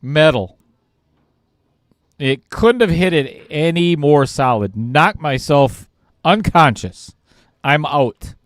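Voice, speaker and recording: A man's voice: a little high, expressive, takes it slowly, long pauses, dry recording, clean studio sound. A man commentating on a pool stream, telling a casual, self-deprecating story about himself and laughing at it. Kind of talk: casual anecdote told on air.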